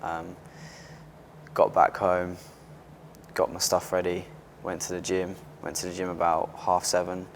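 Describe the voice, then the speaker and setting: A man's voice: deep voice, a little slow, gravelly, a little hiss or hum. A man in his twenties, an athlete guest in a casual interview, talking openly with frequent restarts. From Britain. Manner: open and animated, restarts often.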